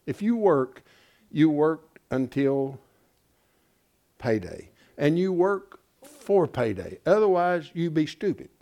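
Folksy preacher, swinging loud to soft. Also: male voice, a little high, sing-song, takes it slowly. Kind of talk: sermon.

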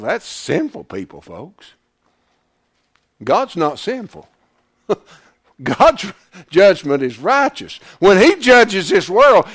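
Guy preaching, slow but swoopy voice, keeps asking the church questions. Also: high voice, fairly bright tone. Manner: emphatic, asks the congregation questions. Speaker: pastor. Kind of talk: sermon.

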